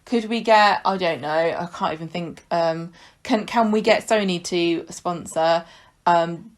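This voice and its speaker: Woman podcaster, slightly low voice, loose and chatty. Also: measured pace. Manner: chatty, hesitant, laughs often. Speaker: podcast co-host. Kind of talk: casual chat.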